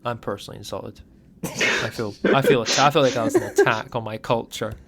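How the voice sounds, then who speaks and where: A man's voice: medium pitch, a little fast, crowd noise. Joking young Scottish man from Fife. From Scotland. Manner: joking, laughs often, uses many fillers. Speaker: podcast host. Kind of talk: casual chat.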